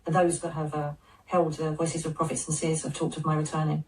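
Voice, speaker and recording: A woman voicing a serene male spirit of Jesus speaking through a medium, in slow, solemn, measured pronouncements. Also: low voice, monotone, darkish tone, recorded from a distance, pitched below the performer's own voice, lightly acted, poor audio.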